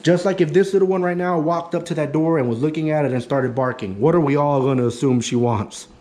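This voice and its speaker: Emphatic male dog trainer, higher voice. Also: fast talker. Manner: emphatic, repetitive teaching, acts out excited praise. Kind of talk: in-home consultation.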